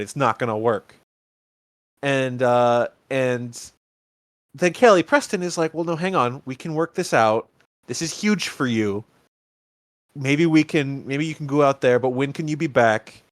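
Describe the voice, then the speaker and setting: Animated man retelling a movie, dry sound. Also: fairly high pitch, no echo. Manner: animated retelling, acting out movie characters' lines, stammering restarts. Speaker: podcast host. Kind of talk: casual movie rewatch chat.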